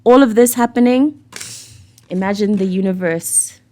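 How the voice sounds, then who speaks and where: A woman's voice: mid-range voice, normal speed, mellow. A woman with a South African accent giving a casual, rambling tarot reading, speaking candidly and swearing now and then. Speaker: tarot reader.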